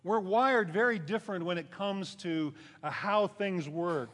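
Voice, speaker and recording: Delivering a conversational sermon, a male pastor with a somewhat high, slightly bright voice speaks unhurriedly. He raises his voice to stress points and drops low as each thought closes, all within a long hall reverb.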